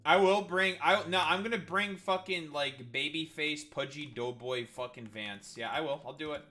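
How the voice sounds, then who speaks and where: A man's voice: a little high, normal speed, pushed and bright. A man hosting a livestream, trash-talking and teasing his chat in a mocking way. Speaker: livestream host.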